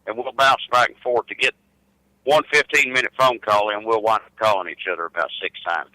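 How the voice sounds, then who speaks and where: A middle-aged American truck driver calls in by phone for a casual chat, drawling along and repeating words as he starts sentences. His voice is fairly low with a steady tone, fairly quick, bright and forceful, with no echo but poor audio quality.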